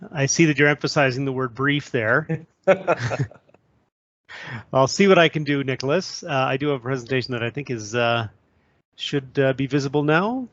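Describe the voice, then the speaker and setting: A man's voice: mid-range voice, normal speed, long pauses, fairly bright tone, no room sound. A male trade commissioner giving a webinar presentation, hesitant with many fillers. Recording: dull lo-fi audio.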